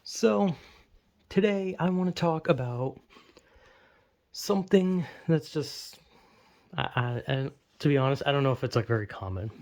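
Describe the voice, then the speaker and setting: A man's voice: on the high side, measured pace, pauses often, darkish tone. A young man talking casually into his own video, rambling and self-deprecating, full of fillers and restarts. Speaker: vlogger.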